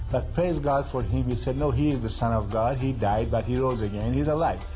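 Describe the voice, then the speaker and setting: A man's voice: medium pitch, fairly quick, few pauses, a little mellow, soft background music. Earnest accented man sharing his testimony. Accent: Middle Eastern. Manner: earnest, non-native phrasing, retells dialogue. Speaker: guest giving a testimony. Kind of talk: personal testimony.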